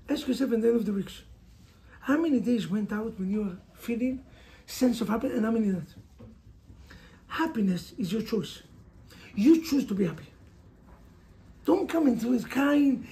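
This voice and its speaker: Speaking with an Israeli accent as a native Hebrew speaker, a man preaches an emphatic motivational sermon as a rabbi. His voice is very high-pitched, creaky, and mellow, and he presses listeners with rhetorical questions.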